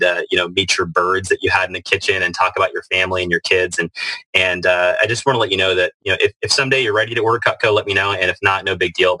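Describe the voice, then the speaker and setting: Man, earnest guest storyteller; low, bright, slightly husky voice, dry close sound. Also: dry recording, low-quality recording. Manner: earnest, many fillers and restarts. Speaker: guest, author. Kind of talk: storytelling in a podcast interview.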